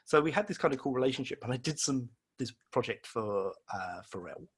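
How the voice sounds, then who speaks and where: Man, husky voice, rambling casual storytelling, self-deprecating. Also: medium pitch, animated, fairly quick. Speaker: illustrator guest.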